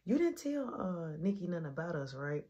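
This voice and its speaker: A woman quoting a quiet, probing young woman on the phone. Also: fairly low pitch, big pitch swings, moderate pace. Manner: quiet, probing, slightly suspicious.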